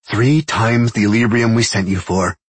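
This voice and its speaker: A man voicing a brisk, commanding senior woman officer in a storybook reading. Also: fairly low pitch, fairly even intonation, slightly rough, no echo, pitched above the performer's own voice.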